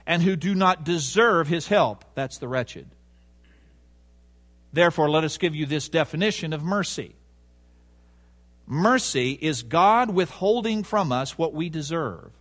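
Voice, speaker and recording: A man preaching with a voice that climbs and falls widely, set a little higher than most men. He drives his points home with emphasis and repetition, and he puts rhetorical questions to the congregation. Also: fairly bright tone. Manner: emphatic, rhetorical questions, stresses key words. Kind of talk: sermon.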